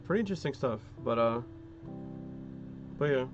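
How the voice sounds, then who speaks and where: A male streamer rambles in casual chat, dropping curse words and fillers as he works on a model kit at home. His voice sits in a middle register and sounds slightly muffled. Soft guitar music plays quietly behind him. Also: medium pitch, lively intonation, moderate pace. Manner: rambling, swears often, many fillers.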